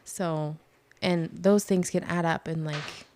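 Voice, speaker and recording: A woman's voice: lowish voice, steady tone, takes it slowly, a little mellow, no echo. A young woman co-hosting a podcast, talking in an easygoing, conversational way with frequent fillers. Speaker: podcast co-host. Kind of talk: casual chat.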